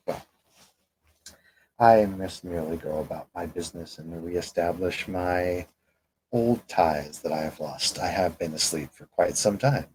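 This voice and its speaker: A man doing a deep-voiced, self-assured male vampire fixer with an old-fashioned courtesy, every word weighed and measured. The role-play voice sits low and carries a faint hiss of background noise. It is a tabletop game character, polite and quietly confident. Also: low-quality recording. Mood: courtly.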